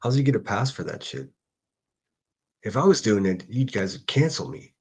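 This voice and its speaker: A man's voice: lowish voice, very animated, normal speed, darkish tone, breathy edge. A man doing casual reaction commentary on a livestream, blunt and mocking, swearing freely.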